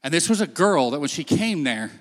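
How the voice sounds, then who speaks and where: A man's voice: on the high side, big pitch swings, fairly quick. A man telling a Bible story on stage in a casual, storytelling way, acting out the quotes. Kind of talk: sermon-style talk. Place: stage in a large hall. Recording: long hall reverb.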